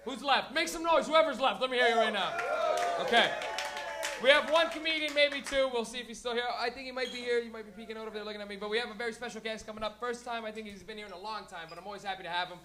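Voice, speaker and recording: A man's voice: high voice, steady tone, racing, few pauses, noisy background. A man hosting a stand-up comedy night, brash and profane, acting out little characters between jokes. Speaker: comedy show host. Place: comedy club stage.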